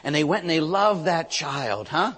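A Catholic priest giving a sermon, telling stories with lively emphasis and sudden hushed moments. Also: male voice, a little high, normal speed, slightly rough. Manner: animated storytelling, swinging from loud emphasis to hushed. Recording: reverberant hall.

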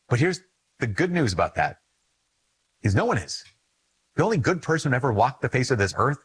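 A man's voice: on the low side, a bit bright, breathy edge, dry recording, low-quality recording. A man with a Minnesota accent, a Catholic priest giving an earnest, conversational talk on faith, repeating phrases for emphasis. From Minnesota, USA. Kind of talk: casual spoken teaching on faith.

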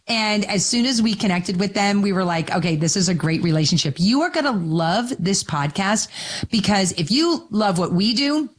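A woman's voice: medium pitch, lively intonation, moderate pace. A woman co-hosting a podcast, introducing guests in casual chatty talk. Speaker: podcast co-host. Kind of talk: casual chat.

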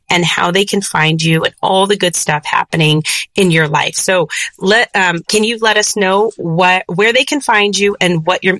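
A woman's voice: fairly low pitch, fairly bright tone, no echo. A woman interviewer asking her guest questions in a friendly, rambling way. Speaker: interviewer, author.

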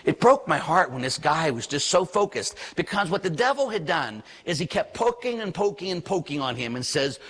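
A man's voice: fairly high pitch, sing-song, normal speed, few pauses, a bit bright, slightly rough. A Catholic priest giving a sermon, telling stories, asking his listeners rhetorical questions and acting out the voices of the people in his stories. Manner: acts out quoted voices. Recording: long hall reverb.

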